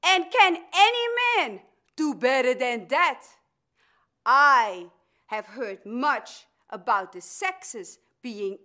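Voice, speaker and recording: Defiant middle-aged woman orator , as an actress reads her, high and bright, slow emphatic declamation. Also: heavily acted. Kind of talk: dramatic speech reading.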